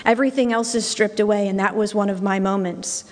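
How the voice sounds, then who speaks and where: A woman's voice: mid-range voice, fairly even intonation, a little fast, a little mellow. A middle-aged woman giving a spoken personal testimony, telling her story and repeating phrases for emphasis. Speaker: speaker sharing personal testimony. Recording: long hall reverb.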